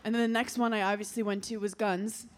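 A woman's voice: medium pitch, flat delivery, quick pace. A young woman doing a stand-up comedy set, brash and playful, laughing through her punchlines. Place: comedy stage before a live audience. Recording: loud live crowd and noise.

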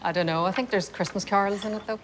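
An actress playing a mother who talks briskly and scolds her child. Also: medium pitch, steady tone, background noise, close to an everyday voice.

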